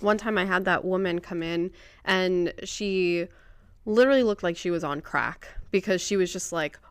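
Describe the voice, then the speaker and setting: Smooth-voiced woman with a dry close sound. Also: on the low side, moderate pace, no echo. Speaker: podcast co-host. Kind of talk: casual chat, storytelling.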